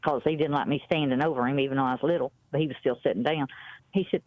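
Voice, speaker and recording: A woman's voice: extremely low pitch, fast talker, a little mellow, dry recording. Blunt woman in her fifties. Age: 50s. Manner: blunt storytelling, quoting others. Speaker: caller. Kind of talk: casual call-in chat. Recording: muffled dry phone-in audio.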